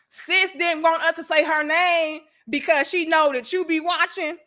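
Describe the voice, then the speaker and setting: A woman hosting a casual live stream, reading donations and speaking in an animated, outspoken, slangy way. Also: extremely high pitch, moderate pace, hardly any pauses.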